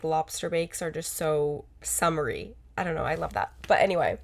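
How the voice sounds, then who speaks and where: A young woman co-hosting a podcast in casual chat, rambling and correcting herself as she goes. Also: mid-range voice. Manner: rambling, self-correcting, lots of fillers. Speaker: podcast co-host.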